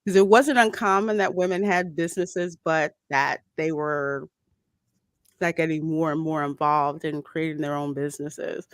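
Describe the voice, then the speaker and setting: A woman's voice: sits low, fairly even intonation, moderate pace, dry recording, studio quality. Chatty woman hosting a watch party. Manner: chatty, reads viewer comments aloud. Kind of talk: casual commentary while watching a film.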